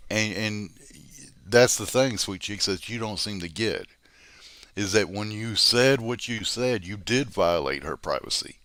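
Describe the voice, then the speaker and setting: A low-pitched man tears into someone in a swearing, berating rant. His voice sounds dry and close, with no room echo. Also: fairly bright tone. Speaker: drama commentary host. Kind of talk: angry profane rant.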